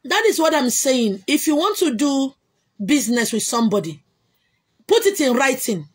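A woman with a Nigerian accent hosting a casual livestream, answering viewer comments in an emphatic, repetitive way with loud exclamations. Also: sits high, very animated, moderate pace, slightly rough. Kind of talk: casual chat.

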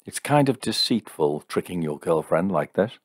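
A man's voice: deep voice, lively intonation, normal speed, no room sound, studio quality. A man reading a story, voicing a hesitant, solemn fake psychic. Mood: doubtful.

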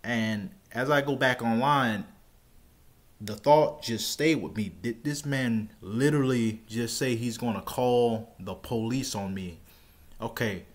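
A man telling a personal story in an easygoing vlog style. His voice sits at an ordinary middle pitch. He rambles, restarts phrases and repeats words as he talks. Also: slow pace. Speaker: storytelling vlogger. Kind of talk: casual first-person storytime.

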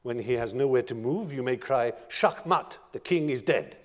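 A sly old inventor lays out his terms with quiet patience, voiced by a man telling the tale. The voice has a middle pitch and a modest manner. It carries the long echo of a big hall. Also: brisk, lightly acted. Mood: sly, explaining. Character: old cunning Persian male game inventor, modest.

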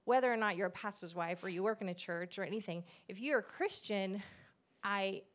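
A middle-aged woman shares a church testimony in an earnest, conversational way. She speaks at an ordinary, middle pitch and acts out the lines she quotes from others. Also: a little fast. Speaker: pastor's wife sharing a testimony.

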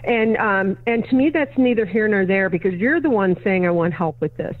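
A woman's voice: mid-range voice, normal speed. Woman guest with phone-line sound. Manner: acts out both sides of a dialogue, plays each remembered voice. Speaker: podcast guest, educator and consultant. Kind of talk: conversational storytelling in an interview. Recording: narrow, phone-like audio of a remote interview.

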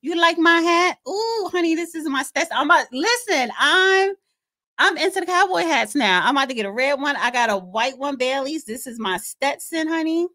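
Sassy animated woman co-host. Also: sits high, moderate pace. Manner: sassy, animated, calls people honey. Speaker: podcast co-host. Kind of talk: casual chat.

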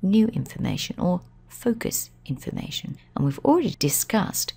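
A woman's voice: deep voice, creaky, breathy edge. A woman teaching a language lesson, explaining grammar patiently step by step in a voice-over.

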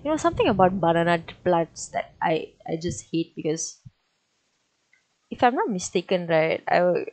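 A woman's voice: fairly low pitch, animated, moderate pace, a little mellow, no echo, poor audio. A young woman, swearing and nervously chatting through a horror game. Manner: jumpy, swearing, slangy banter. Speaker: gamer.

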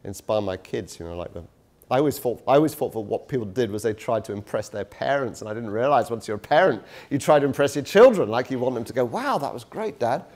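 Middle-aged man, guest lecturer, relaxed and chatty, lots of ums and restarts, mid-pitched. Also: quick pace. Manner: conversational, self-deprecating, many fillers and restarts. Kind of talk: public lecture. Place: university lecture room. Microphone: touchy handheld mic.

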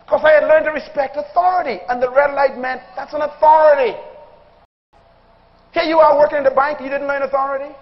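A man's voice: very high-pitched, fairly quick. A male pastor preaching a humorous sermon before a congregation, telling childhood stories, acting out voices and calling on the audience. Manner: animated storytelling, acting out voices, calls to the congregation. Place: church hall before a live congregation. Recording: dull sound in a reverberant hall.

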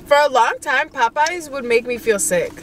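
A woman's voice: high voice, expressive, moderate pace, background noise. A young woman co-hosting a couple's mukbang vlog, talking bluntly and playfully about food from inside a car. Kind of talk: casual mukbang chat.

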